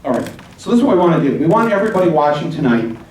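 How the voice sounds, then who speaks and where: A man hosting a live town hall, rambling and urging the audience, spelling out web addresses slowly. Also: a little high, sing-song, darkish tone, slight background noise. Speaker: event host. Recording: echoey hall from far off.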